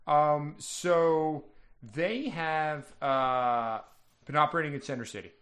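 A man running a tabletop game as game master, explaining the setting in a relaxed way with many fillers. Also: on the high side, slow.

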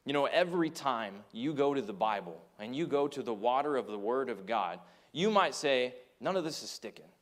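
A man's voice: mid-range voice, expressive, normal speed, hardly any pauses. A man preaching a sermon in earnest, telling stories and acting out quotes from his listeners. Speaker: pastor.

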